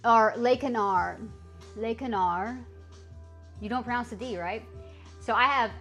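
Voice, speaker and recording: A woman's voice: on the high side, expressive, slow, long pauses, soft background music. An American woman streamer chatting casually with her viewers, playfully trying out clumsy French phrases. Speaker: livestreamer.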